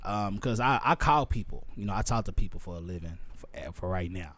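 A man hosting a podcast in casual chat, talking haltingly with many restarts and laughing. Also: low voice, animated, a bit bright. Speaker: podcast host.

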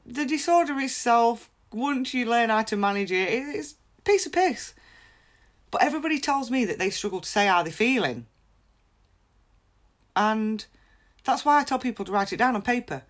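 A woman's voice: fairly high pitch, lively intonation, normal speed, long pauses. A woman hosting a podcast, giving candid personal advice in a blunt, frank way and laughing often. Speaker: podcast host.

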